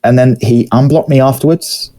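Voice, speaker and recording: A young British man hosting a podcast, telling a story in a rambling, hesitant way with many fillers and pauses. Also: mid-range voice, fairly even intonation, dark tone. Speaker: podcast host. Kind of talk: casual storytelling chat.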